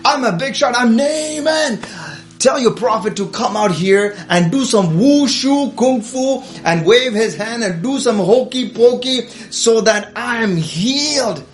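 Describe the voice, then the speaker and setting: A man voicing a boastful, self-important army commander in a high, showy cartoon-king voice. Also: very animated, takes it slowly, a bit bright, soft background music, heavily acted. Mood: indignant. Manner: bragging, demanding, self-important.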